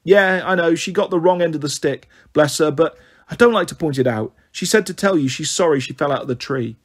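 A man reading a story aloud, voicing a flighty, chatty young mother with a breezy, cheeky manner and a husky voice. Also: on the high side, brisk, close to an everyday voice.

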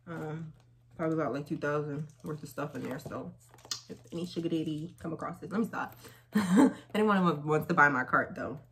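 A young woman chatting casually through a try-on haul, telling stories in lively slang. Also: sits low, background noise. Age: young adult. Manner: chatty, animated storytelling with slang. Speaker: vlogger.

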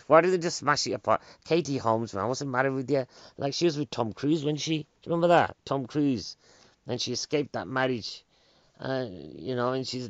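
Sarcastic ranting British comedian, lo-fi. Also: male voice, on the low side, fairly bright tone, no echo. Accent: British English. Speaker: stand-up comedian. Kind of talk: casual comedic monologue. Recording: dull, dry lo-fi recording.

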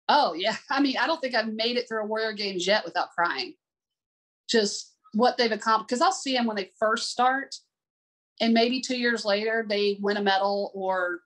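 A woman's voice: mid-range voice, fairly bright tone. Heartfelt woman swim coach telling stories. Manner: candid, heartfelt anecdotes. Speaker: adaptive sports swim coach. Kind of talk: conversational interview storytelling.

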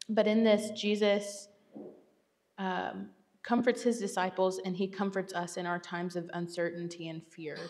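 Girl in her 20s doing a church bible talk, kinda low voice, laughs a lot, self-deprecating. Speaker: church speaker. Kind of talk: casual Bible teaching talk.

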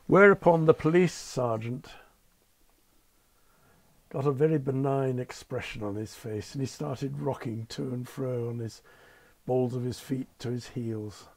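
Speaking at a measured pace with long pauses, an older British interview guest, a retired Concorde captain, offers understated, wry anecdotes in courteous British phrasing. His voice is mid-range, with no room sound.

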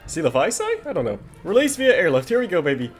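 A man hosting a casual video game commentary, excitable and jokey as he talks to his viewers. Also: high-pitched, fast talker, soft background music. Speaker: gaming video host.

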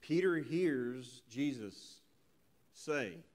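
A male preacher giving a sermon, telling a scripture story with animated delivery and reading verses slowly and solemnly. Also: sits high. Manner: animated storytelling, voices quoted characters.

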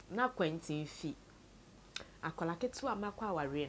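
Soft-spoken Ghanaian woman telling a sad story. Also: animated, brisk, pauses often, slight background noise. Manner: tells a sad story, switches between Twi and English, voice sinks low and soft. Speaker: interviewee. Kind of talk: personal story told to camera.

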